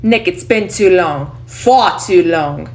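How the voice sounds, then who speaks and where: A woman's voice: fairly low pitch, animated, slow. A young woman rehearsing the part of a snobbish society wife with an attempted New York accent, drawn out and wistful. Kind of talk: line rehearsal for a school play.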